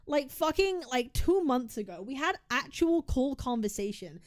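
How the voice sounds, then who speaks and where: A woman's voice: high voice, very animated, normal speed. A woman game streamer venting to her chat in a casual livestream rant, frustrated and heavily profane, often repeating and restarting her words. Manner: talks straight to chat, venting about friends.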